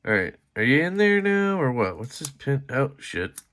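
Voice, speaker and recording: A man with a somewhat bright, sing-song mid-range voice speaks at a moderate pace. He's a knife reviewer taking a knife apart on camera in a casual vlog, rambling to viewers as he fiddles, grumbling, mildly swearing, and making self-deprecating jokes.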